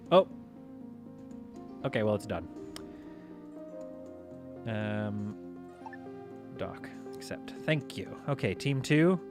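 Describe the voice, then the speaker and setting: A man commentating live over a space strategy game, giving orders to his crew and reacting out loud as things go wrong. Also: mid-range voice. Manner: excitable, talks to himself and his crew while playing. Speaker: gaming streamer.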